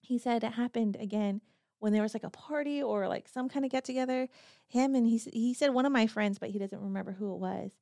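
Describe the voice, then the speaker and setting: A young woman on a podcast, relaxed and matter-of-fact, retelling a ghost story with quoted dialogue. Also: on the high side, quick pace, vocal fry, no echo, clean studio sound. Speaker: podcast co-host. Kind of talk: casual storytelling chat.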